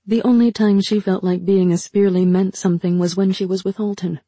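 A woman narrating a novel in a steady, measured reading. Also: mid-range voice, husky, no echo. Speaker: audiobook narrator. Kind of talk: scripted narration.

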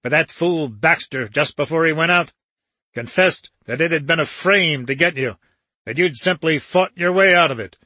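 A man's voice: fairly high pitch, moderate pace, sharp tone, dry recording. A man voicing an irritable, dyspeptic little older man who snaps out indignant questions.

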